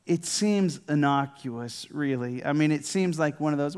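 Man, pastor, sermon, fairly high voice, emphatic then hushed prayer, dramatic pauses. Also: smooth. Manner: swings from emphatic preaching to hushed, near-whispered prayer; reads scripture aloud with dramatic pauses.

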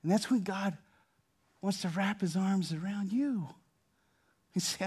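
An older pastor whose voice sits high, a little slow and breathy at the edges, delivers a conversational sermon with long pauses. He repeats and restarts words often, hushing for key lines and growing loud and animated elsewhere.

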